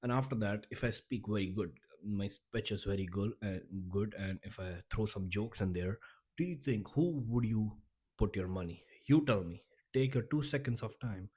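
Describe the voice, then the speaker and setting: A man's voice: on the low side, moderate pace, a little mellow, slightly rough. A man giving a motivational vlog talk in an emphatic, repetitive and blunt way, often restarting his sentences. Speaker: YouTuber.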